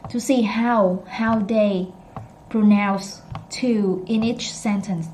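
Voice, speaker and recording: A woman teaching an English pronunciation lesson, repeating phrases slowly and correcting herself as she goes. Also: medium pitch, steady tone, a little mellow, slight background noise, low-quality recording.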